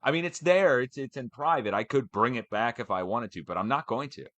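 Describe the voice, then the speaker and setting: A man giving a casual, animated ranting update for his channel, swearing as he goes. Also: medium pitch, a little fast, no room sound. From United States. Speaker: channel host.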